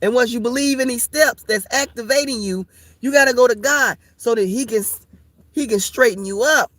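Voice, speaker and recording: A woman's voice: fairly high pitch, normal speed, fairly bright tone, no room sound. A woman leading an informal Bible study, repetitive and playful, laughing often as she preaches.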